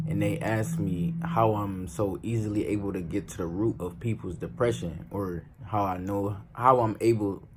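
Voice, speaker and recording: A man's voice: on the low side, a little hiss or hum. A young man vlogging to camera in a loose, slangy, emphatic way, swearing freely. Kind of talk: casual talk to camera.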